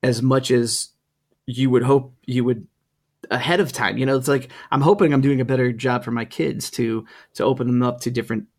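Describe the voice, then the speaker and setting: A man's voice: mid-range voice, steady tone, normal speed, a little mellow. A middle-aged man co-hosting a podcast, talking casually and hesitantly with lots of ums and restarts. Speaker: podcast co-host. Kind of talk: casual chat.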